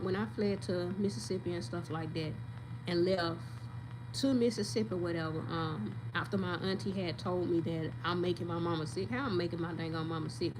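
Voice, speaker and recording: A vlogger with a fairly low-pitched voice vents emphatically about her story, speaking straight to viewers in a casual rant. The background is noisy.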